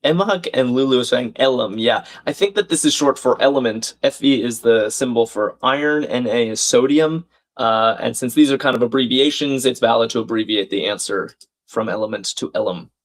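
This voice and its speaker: A man's voice: medium pitch, fairly quick. A man hosting a live crossword stream, thinking aloud, reading out viewers' chat comments and laughing often.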